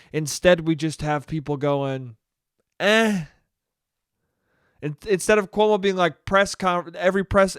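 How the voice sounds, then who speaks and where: A man's voice: high-pitched, smooth, no room sound. A man hosting a casual comedic podcast monologue, talking in a rambling, profane, self-deprecating way into a close mic. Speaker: podcast host.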